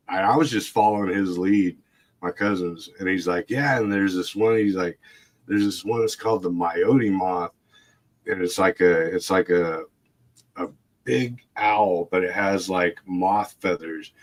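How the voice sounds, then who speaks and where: A man casually telling a long story, rambling with fillers, laughing often and acting out other people's voices. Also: deep voice. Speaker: livestream guest.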